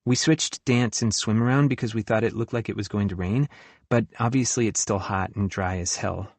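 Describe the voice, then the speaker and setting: In an audiobook dialogue reading, a man voices a young camp counselor who is earnest and hurt and speaks frankly about her feelings. His voice is on the low side, slightly rough and darkish, at a moderate pace with no echo.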